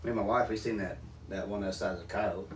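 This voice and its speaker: A man's voice: on the low side, fairly even intonation, recorded from a distance. A man on a casual outdoors podcast, chiming in with yeahs and his own hunting stories. He sits back from the mic in a roomy space with a faint noise in the background. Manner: chatty, lots of agreeing murmurs and quick asides. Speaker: podcast co-host.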